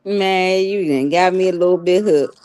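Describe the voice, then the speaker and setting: Low-voiced woman in relaxed banter. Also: normal speed. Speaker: podcast co-host. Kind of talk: casual banter.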